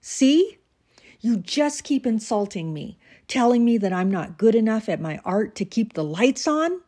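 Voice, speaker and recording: A woman's voice: mid-range voice, animated, moderate pace, dark tone, lightly acted. Woman voicing a ranting, accusing husband. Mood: indignant. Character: angry proud male artist husband.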